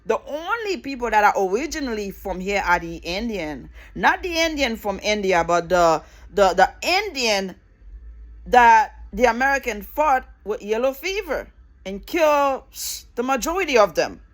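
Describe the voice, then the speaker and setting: A woman's voice: on the high side, sing-song, normal speed. Fired-up middle-aged woman ranting. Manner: angry, emphatic, repeats phrases, swears. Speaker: vlogger. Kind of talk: impassioned political rant to camera.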